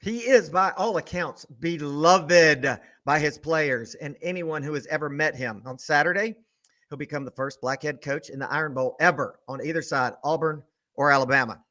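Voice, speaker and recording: A man's voice: a little high, moderate pace. A man hosting a sports podcast, delivering a mocking, scripted trash-talk rant about a rival college football team. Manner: mocking, trash-talking, building to shouted tirades.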